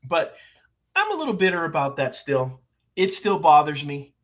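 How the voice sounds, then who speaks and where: A man's voice: fairly high pitch, very animated, normal speed. An older man hosting a livestream, ranting heatedly and repeating himself for emphasis. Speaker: livestream host. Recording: dull lo-fi stream audio.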